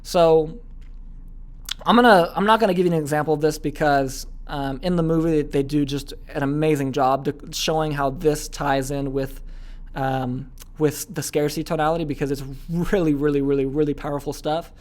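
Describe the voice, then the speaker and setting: A man teaching a sales training lesson, energetic and often checking in with "okay?". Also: on the high side, moderate pace. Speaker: business coach.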